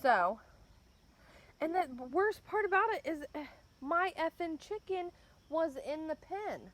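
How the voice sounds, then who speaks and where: Her voice is very high-pitched, expressive, and fairly bright, and she keeps a measured pace. Out by her chicken pen near the woods, this farm vlogger films herself on a handheld phone, venting angrily with some swearing and a constant refrain of "bam."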